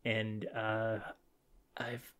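A man's voice: on the low side, monotone, very slow, a bit bright, clear, resonant tone. A man co-hosting a casual film podcast, rambling and restarting his sentences, with a chuckle now and then. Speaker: podcast co-host.

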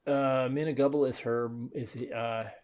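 A man's voice: medium pitch, fairly even intonation, a little slow, darkish tone. Rambling man chatting about old films. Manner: rambling, restarts often, chuckles as he talks. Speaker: podcast co-host. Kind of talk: casual film discussion.

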